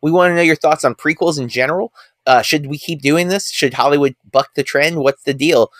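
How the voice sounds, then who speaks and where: A man's voice: fairly high pitch, fairly quick, no room sound, studio quality. A man co-hosting a podcast, chatting casually and rambling with restarts. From United States. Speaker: podcast co-host.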